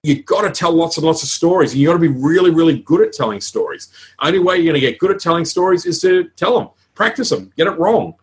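A man with an Australian accent gives a conference talk on public speaking, frank and energetic, full of asides and stories. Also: on the high side, quick pace.

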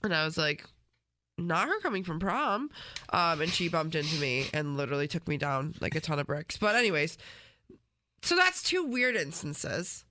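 A woman's voice: deep voice, lively intonation, normal speed, sharp tone, no room sound. A woman in casual chat, reacting and chiming in with short quips.

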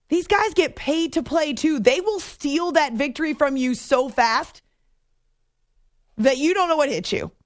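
A woman hosts late-night sports talk radio, her voice pitched high and full of zeal. She leans hard on key words and sounds close and dry, with no room behind her. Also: no echo. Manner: enthusiastic, emphatic, talks to callers. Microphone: studio microphone.

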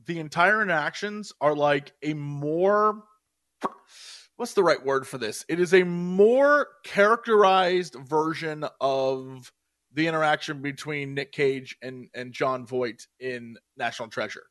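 Casting: man with a high voice, casual co-host, meandering delivery full of fillers. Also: unhurried, fairly bright tone. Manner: rambling, searching for words, many fillers. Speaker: podcast co-host. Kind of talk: casual chat.

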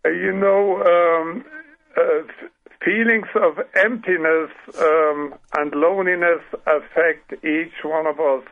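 A man in his seventies, British and raised in Paraguay, speaks with a German accent as a guest author on a radio interview, earnest and restarting often. His fairly high voice is slow and fairly even, heard over a tinny telephone line.

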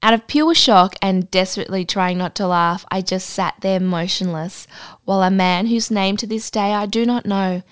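A woman co-hosting a podcast, reading a listener's story aloud in a dry, deadpan way and adding blunt asides. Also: medium pitch, normal speed, clear, resonant tone, no echo. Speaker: podcast co-host.

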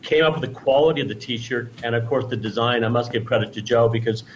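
A man's voice: medium pitch, fast talker, a little hiss or hum, poor audio. A man, a guest on a radio show, chatting casually and effusively, rambling with restarts and praise. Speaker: guest presenting T-shirts.

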